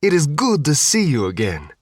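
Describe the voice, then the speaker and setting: A man's voice: a little high, huge pitch swings, normal speed, no room sound, pitched above the performer's own voice. A man voicing a short, rotund male restaurant owner with a thick Sicilian accent, effusive and welcoming. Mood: effusive welcome.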